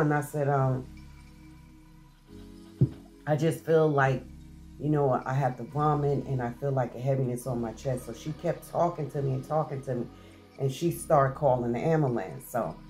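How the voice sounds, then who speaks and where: A low-pitched, middle-aged woman recounts a personal story straight to her viewers, chatty and heartfelt, stopping and restarting often. Light music plays softly behind her voice. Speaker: vlogger. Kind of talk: casual storytelling to camera.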